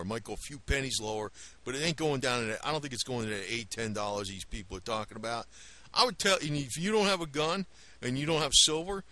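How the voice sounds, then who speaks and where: A man's voice: mid-range voice, bright, forceful tone. Blunt, ranting man with a New Jersey accent. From US Northeast. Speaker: video blogger. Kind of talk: rambling talk to camera.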